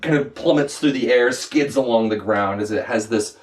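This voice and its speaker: A man as a podcast guest, a Dungeon Master telling an animated, excited game story with lots of quick restarts. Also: mid-range voice, far from the mic, slight background noise.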